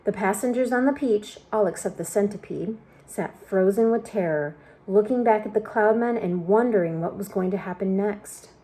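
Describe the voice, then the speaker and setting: A woman reading a children's book aloud with expressive storytelling narration. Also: mid-range voice, moderate pace, hardly any pauses. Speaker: storybook reader.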